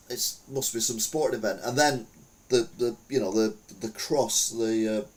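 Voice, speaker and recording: A man's voice: medium pitch, darkish tone. A man hosting a podcast, chatting casually through the news with rambling, wry, self-mocking jokes. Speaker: podcast host.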